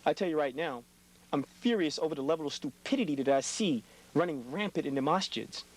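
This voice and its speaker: A man's voice: on the high side, animated, fairly quick, poor audio. A young adult man giving a blunt, impassioned scolding monologue to his community, lecturing hard and often tagging his lines with "man".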